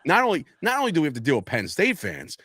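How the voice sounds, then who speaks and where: A man with a fairly high voice whose pitch swings up and down as he tells stories. He laughs often in casual sports banter, and the sound is close and dry. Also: huge pitch swings, fast, a bit bright, breathy edge, no room sound. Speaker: podcast co-host.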